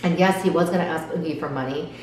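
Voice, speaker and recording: A woman's voice: sits low, fast, far from the mic, slight background noise. Earnest woman, echoey and off-mic. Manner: earnest, asks viewers direct questions. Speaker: commentator on TV dramas. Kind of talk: reflective solo commentary. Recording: echoey room, voice off-mic, faint background.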